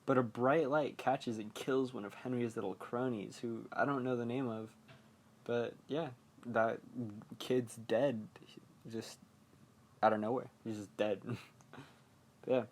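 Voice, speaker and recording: A man's voice: mid-range voice, steady tone, a little slow, pauses often. Man, podcast host, casual movie recap, rambling, lots of fillers, chuckles. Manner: rambling, filler-heavy, laughs at his own jokes.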